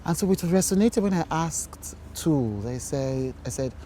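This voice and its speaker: A man hosting an interview, gentle and affirming, reflecting thoughtfully to close. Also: a little high, expressive, measured pace, a little hiss or hum. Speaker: host.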